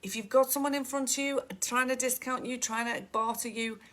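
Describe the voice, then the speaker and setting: A woman's voice: sits high, steady tone, a little fast, fairly bright tone. A middle-aged woman giving a chatty, direct coaching talk to photographers and calling them "guys".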